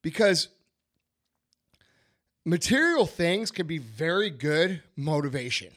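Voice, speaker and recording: A man's voice: a little high, big pitch swings, takes it slowly, fairly bright tone. A man, talking bluntly and emphatically on a podcast and swearing a lot. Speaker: podcast host, business owner. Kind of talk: casual podcast chat.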